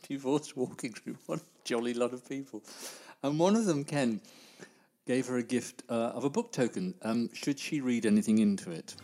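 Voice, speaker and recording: A man's voice: medium pitch, animated, normal speed, warm tone. A man hosting a comedy chat show, teasing his co-star and laughing often. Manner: giggly, teasing, lots of fillers. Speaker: host.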